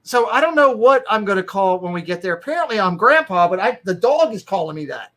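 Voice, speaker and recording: A man's voice: sits high, lively intonation, fairly quick, fairly bright tone. A middle-aged man chatting casually on a livestream, an easygoing storyteller who chuckles as he talks. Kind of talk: casual chat.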